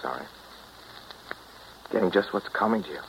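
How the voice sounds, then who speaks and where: A man's voice: low voice, expressive, moderate pace, gravelly, slight background noise. An actor in 1940s radio drama style playing a weary, detached man ending a romance, talking in a cool, clipped way. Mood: cold. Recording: dull lo-fi old radio recording.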